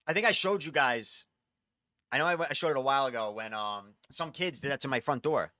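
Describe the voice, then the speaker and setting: Bright-voiced man telling a story. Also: mid-range voice, brisk, no room sound. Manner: profane, animated. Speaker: streamer. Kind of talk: casual storytelling.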